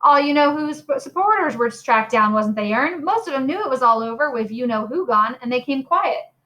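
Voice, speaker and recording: A woman voicing an excitable, gossipy young male bus conductor with slangy, jumpy talk. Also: high voice, moderate pace, poor audio.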